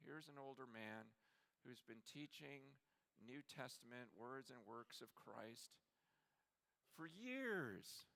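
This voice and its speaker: A man preaching a sermon at a conference, earnest and impassioned, building to shouts. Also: on the high side, gravelly. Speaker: conference speaker.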